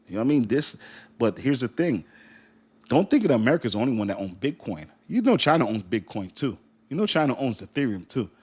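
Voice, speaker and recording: Animated man hosting a crypto stream. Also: mid-range voice, husky. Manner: animated, joking, talks straight to viewers. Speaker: crypto livestream host. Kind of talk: casual livestream commentary.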